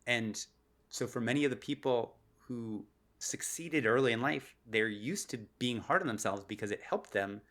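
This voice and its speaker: A man being interviewed on a podcast as a neuroscientist, explaining in an animated way and laughing often. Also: mid-range voice, moderate pace. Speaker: guest neuroscientist.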